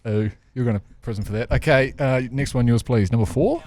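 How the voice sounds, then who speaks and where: A man's voice: mid-range voice, a crowd in the background. A man with a New Zealand accent co-hosting a podcast, agreeable and joking crudely. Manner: quick, agreeable, crude jokes. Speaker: podcast co-host. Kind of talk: casual banter.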